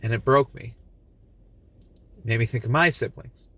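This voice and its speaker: A man's voice: medium pitch, moderate pace, fairly bright tone. Earnest, sentimental man reviewing a film. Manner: earnest and gushing, with frequent restarts and repetitions. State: emotional, moved. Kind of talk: casual film review to camera.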